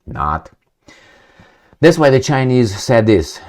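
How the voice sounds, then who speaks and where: A man with a fairly low voice gives a casual opinion monologue as the host of his own show. He lectures with sarcasm, throws in rhetorical questions, and his pitch swings up and down a lot as he talks. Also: animated, moderate pace, a little mellow. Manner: sardonic, lecturing, with mocking asides and rhetorical questions. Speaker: political commentary host.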